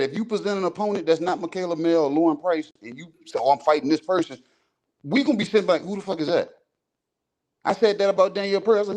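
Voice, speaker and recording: Heated, profane man arguing sports. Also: fairly high pitch. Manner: profane, animated, repeats himself. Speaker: podcast co-host.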